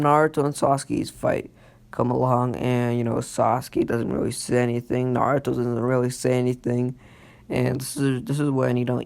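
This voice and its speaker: A young man telling an improvised fan story in a loose, rambling way, full of fillers and restarts. His voice is creaky and gravelly, at an ordinary middle pitch. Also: darkish tone. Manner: rambling, lots of fillers and self-corrections.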